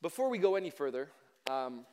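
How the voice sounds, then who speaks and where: High-voiced pastor in a reverberant hall. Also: male voice, big pitch swings, a little fast, darkish tone, slight background noise. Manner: conversational, self-deprecating. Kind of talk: sermon. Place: church sanctuary. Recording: long reverb of a large hall.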